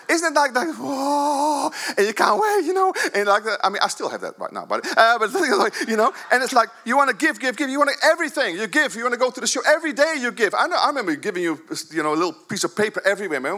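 A man in his fifties, a pastor, delivers a playful, lively sermon at a church service, his high voice jumping between loud bursts and quiet asides.

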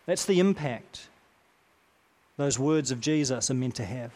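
A man preaching a sermon, earnest and deliberate, repeating key phrases with slow pauses. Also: mid-range voice, expressive, mellow. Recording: long reverb of a large hall.

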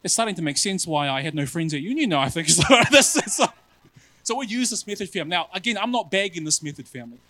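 A male preacher giving a sermon in an animated, self-mocking way, often calling his listeners family. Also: sits high, fast talker, dry recording, poor audio.

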